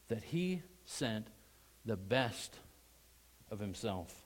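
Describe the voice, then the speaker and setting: A man preaching a sermon emphatically, repeating phrases and swinging between loud stressed words and quiet asides. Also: lowish voice, lively intonation, slow pace, husky. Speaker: pastor.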